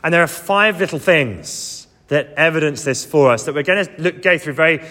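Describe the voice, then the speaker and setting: A man's voice: a little high, normal speed, sharp tone, long reverb tail. A man preaching a sermon, earnest and emphatic, coming back to key phrases again and again.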